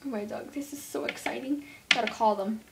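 A woman voicing an easily excited young daughter pet in a home-made toy pet role-play, gushing and tripping over her words. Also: fairly high pitch, a little fast, noisy background, natural voice. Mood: giddy.

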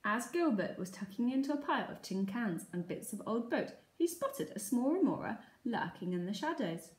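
A woman teacher from England reading a children's story aloud in a lively, expressive way. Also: on the high side, normal speed. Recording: echoey room.

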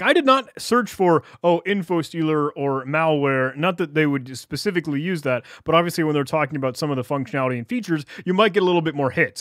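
Male tech vlogger, fairly high voice, playful and excitable, reads chats aloud in a dry close-mic sound. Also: no echo. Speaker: cybersecurity YouTuber. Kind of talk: casual screen-recorded walkthrough.

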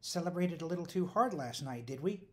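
A man's voice: a little high, lively intonation, brisk, darkish tone, voice pushed up, close to an everyday voice. A man voicing a prim, reproachful middle-aged mother in an audiobook. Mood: prim scolding.

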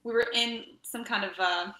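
A woman, a camp travel director and nurse, telling lively stories in a podcast interview and acting out voices. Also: fairly high pitch, normal speed, echoey room. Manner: animated storyteller, acts out voices.

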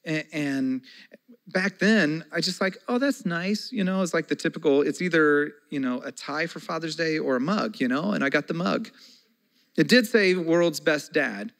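Earnest, conversational preacher, higher-pitched man. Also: moderate pace, gravelly, a bit bright. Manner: conversational and earnest, with folksy asides. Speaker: pastor. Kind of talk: sermon.

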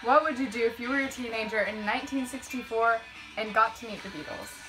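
A woman's voice: on the high side, a little fast, over music, rough recording. A woman hosting a casual chat, reading out questions playfully and laughing easily. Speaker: host asking tag questions.

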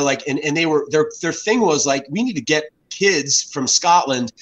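A man in his fifties, a guest telling casual anecdotes over beers in an animated, profane way. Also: a little high, rough recording. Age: 50s.

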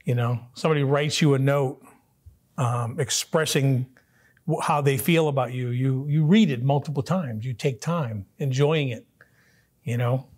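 A man teaching a casual Bible study class in a church, talking conversationally with frequent restarts and throat clearing. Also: mid-range voice, a little slow, a little mellow.

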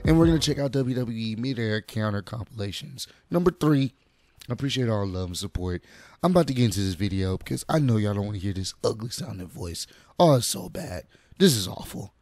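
A young man with a hoarse, nearly lost voice, casually reacting to wrestling clips as host of his own video. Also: lowish voice, animated, brisk, a little mellow, no echo. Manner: laid-back, chatty, swears now and then.

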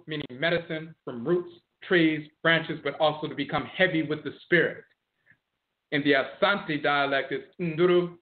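A man giving a lecture on history and word origins, slowly explaining, repeating and spelling out terms. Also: a little high. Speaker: teacher of ancestral religion. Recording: tinny phone-like audio.

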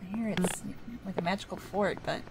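A woman's voice: on the low side, fairly even intonation, fairly quick, noisy background. A young adult woman hosting a casual let's play. She jokes, chats, and talks back to the game characters. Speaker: gaming channel host.

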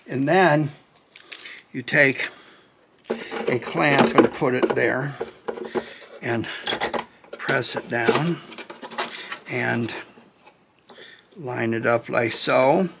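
A man demonstrating a guitar kit build in a casual workshop tutorial, relaxed and jokey, talking straight to viewers. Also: mid-range voice, vocal fry, noisy background. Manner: relaxed, chatty, jokey, addresses viewers as guys.

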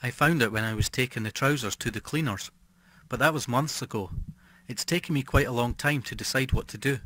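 A man reading the part of a calm, cold middle-aged wife who plots a poisoning, speaking quietly and primly. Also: mid-range voice, a little fast.

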